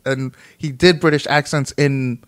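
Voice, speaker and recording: A man's voice: medium pitch, steady tone, unhurried, a bit bright. A man in his thirties chatting casually and rambling, swearing often and breaking into laughter.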